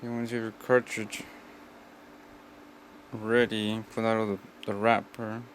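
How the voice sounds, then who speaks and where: A man casually walking through a hands-on how-to, giving plain, unhurried step-by-step instructions. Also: on the low side, level tone, slight background noise. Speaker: tutorial presenter.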